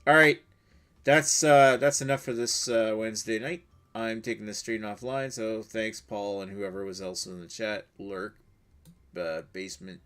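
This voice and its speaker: A man's voice: lowish voice, fairly even intonation, normal speed, smooth. A man in his thirties hosting a casual game stream with friends, crude and laughing often. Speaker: stream host. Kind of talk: casual chat while gaming.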